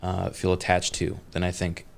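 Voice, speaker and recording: A man's voice: low-pitched, completely flat delivery, normal speed, gravelly. A young man chatting in a laid-back, easygoing way as a podcast co-host. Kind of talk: casual chat.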